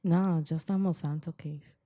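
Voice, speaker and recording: A young woman co-hosting a casual podcast chat, laughing often and dropping quick agreements. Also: sits low, fairly even intonation, warm tone, no room sound. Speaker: podcast co-host.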